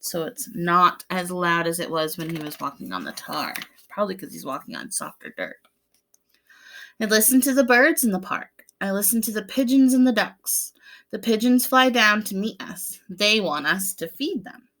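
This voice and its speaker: Bright-voiced woman reading a picture book aloud. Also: mid-range voice, lively intonation, moderate pace. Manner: gentle, explains pictures and asks children questions; acts out sounds playfully. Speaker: preschool teacher.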